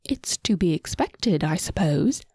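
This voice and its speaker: A woman voicing an imperious, furious queen and mother, shrill and accusing with open contempt. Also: sing-song, measured pace, dark tone, slightly rough, no room sound, clean studio sound, heavily acted. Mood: shrieking contempt.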